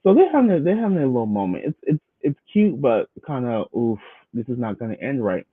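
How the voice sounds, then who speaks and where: A man's voice: mid-range voice, sing-song, a little fast, breathy edge, no room sound. Guy rambling thru a tv recap, lotsa "you know", sounds tinny like over the phone. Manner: loose and chatty, filler-heavy, acts out quotes. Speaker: podcast co-host recapping a reality show. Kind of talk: casual commentary recap. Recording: tinny phone-like line, dry.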